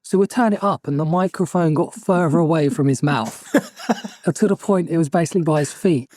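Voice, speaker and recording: A man's voice: fairly high pitch, a little fast, a little mellow, no room sound. A man telling band anecdotes in a casual podcast chat, often chuckling. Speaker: guest musician.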